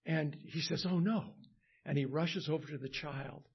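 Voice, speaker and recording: A male pastor leading a prayer and telling a story in a sermon, halting with many fillers and restarts, growing animated as the story builds. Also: fairly high pitch, vocal fry, breathy edge, lo-fi sound. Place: church.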